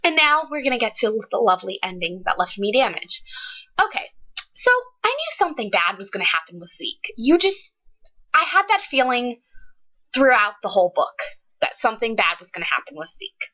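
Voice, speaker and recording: Bright, lively young woman, lo-fi audio. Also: on the high side, moderate pace. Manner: gushing, emotional, says "like" a lot. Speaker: book reviewer. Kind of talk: casual book review vlog. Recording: lo-fi dull webcam audio.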